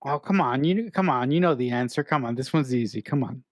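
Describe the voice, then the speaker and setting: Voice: medium pitch, fast, no room sound, studio quality. A podcast co-host in casual film review chat, earnest and teasing, often restarting sentences.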